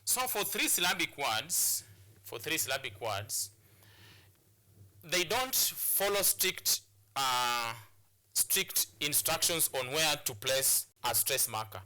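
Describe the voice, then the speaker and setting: Male TV teacher, bright and slightly high voice, stop-start and repetitive delivery. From Kenya. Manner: repeats phrases, stop-start explaining. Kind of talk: classroom lesson on TV.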